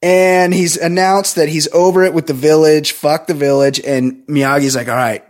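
Podcast co-host, male, slightly higher voice, loose and profane comic retelling. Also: flat delivery, moderate pace, a little mellow. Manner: profane, rambling, does mock voices of characters. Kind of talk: comedic movie recap.

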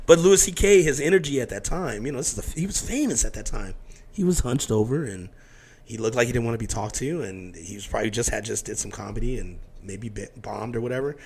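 Fast-talking gravelly man telling stories. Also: medium pitch. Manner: animated storyteller who acts out quotes, swears freely. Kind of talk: casual conversation.

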